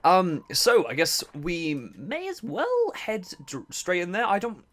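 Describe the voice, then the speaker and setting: A young man giving casual, swearing, laughing commentary on a game he plays, and he keeps clearing his throat. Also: high-pitched, wildly swooping pitch, unhurried, a bit bright. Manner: chatty, swearing, laughs a lot, self-interrupting. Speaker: let's play host.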